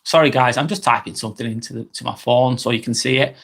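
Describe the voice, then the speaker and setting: A man hosting a slow, rambling live-stream vlog, reading out viewer comments with many fillers and apologies, a little under the weather. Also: mid-range voice, vocal fry, fairly bright tone, breathy edge. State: slightly under the weather, occasional cough.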